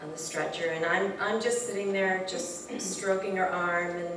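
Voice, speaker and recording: A woman telling an informal personal story to a spiritual gathering. She is animated, often restarts sentences and uses many fillers. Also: fairly low pitch, normal speed. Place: hall of a spiritual center. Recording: very echoey room from far off with faint noise.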